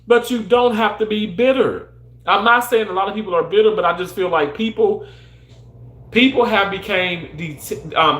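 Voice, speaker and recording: Man, young adult, emphatic, restarts often, slightly high voice, roomy echo. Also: fairly bright tone. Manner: earnest, emphatic, many restarts. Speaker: surgical technologist. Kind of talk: casual monologue. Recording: echoey room.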